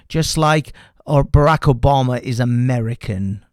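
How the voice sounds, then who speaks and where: Uk guy ranting hard on his stream, swears a lot, voice sits kinda high, dry close sound. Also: expressive, normal speed, no room sound. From United Kingdom. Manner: heated, profane, repetitive. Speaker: livestream host. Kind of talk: ranting political commentary.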